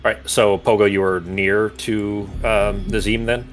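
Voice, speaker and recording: A man runs a tabletop game as game master, with a lowish voice. He explains rules in a loose, chatty way, full of fillers. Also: flat delivery, a little slow, faint music behind. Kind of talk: running a tabletop game over voice chat.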